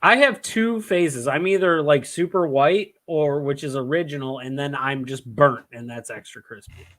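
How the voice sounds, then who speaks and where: A man's voice: fairly high pitch, moderate pace, a bit bright. A young man co-hosting a podcast in casual chat, teasing, laughing often and drawing out his punchlines. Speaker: podcast co-host.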